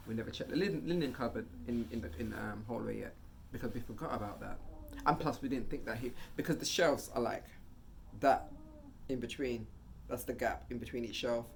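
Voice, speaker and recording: A man telling a casual story to his viewers in a medium-pitched voice. He talks in an animated way, rising loud and high when the story grows tense. A faint noise sits behind him. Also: fairly quick, vocal fry.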